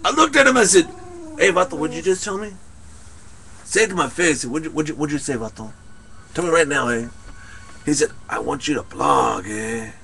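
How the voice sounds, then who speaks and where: A man's voice: on the high side, expressive, moderate pace, creaky, pauses often, bright, forceful tone, voice pushed down, heavily acted. A young man playing a tough but sentimental male ex-convict, ending lines with a drawled "eh?". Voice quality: drawls tag "eh?" after lines. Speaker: comedy performer. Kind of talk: improvised comedy skit.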